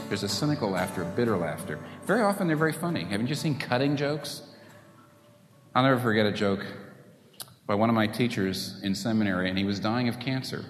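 A man delivers a sermon with animated, conversational energy. His voice carries through a roomy hall with a long reverb tail, recorded in a church sanctuary. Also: lowish voice. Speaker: pastor.

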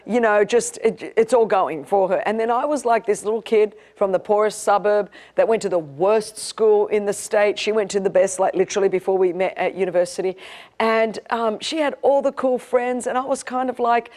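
With a medium-pitched voice, fairly even intonation and normal speed, an Australian woman in her fifties delivers a sermon. She is passionate and emphatic, alternating rousing declarations with quieter storytelling.

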